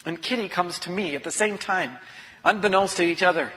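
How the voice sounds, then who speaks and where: A man's voice: high-pitched, brisk. Earnest man telling his story in a hall. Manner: earnest confessional storytelling that swings from hushed to intense. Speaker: author and speaker. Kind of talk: personal storytelling talk. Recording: long reverb of a large hall.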